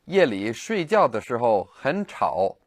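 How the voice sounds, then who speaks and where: A man's voice: medium pitch, very animated, a little slow, dry recording. A man teaching a language lesson, explaining words and repeating example phrases in a scripted narration.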